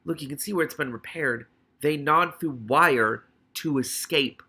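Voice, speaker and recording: A man's voice: fairly high pitch, measured pace, husky, full character voice. A man voicing an earnest young man who is protective of the rats, in an audiobook reading. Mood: quiet. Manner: quiet then forceful.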